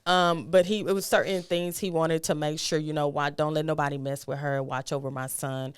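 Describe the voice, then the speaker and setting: A woman's voice: level tone, a little fast, clear, resonant tone, no echo. A middle-aged woman, a guest, telling a personal story and acting out the dialogue in it, her voice rising with emotion. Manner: emotional, acts out quoted dialogue with rising pitch.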